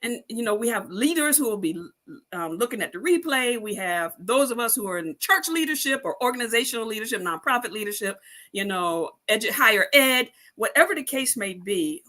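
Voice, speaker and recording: Woman, interview host, enthusiastic, affirming, bright forceful voice, rambling questions. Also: on the high side, expressive, a little fast. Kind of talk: interview hosting.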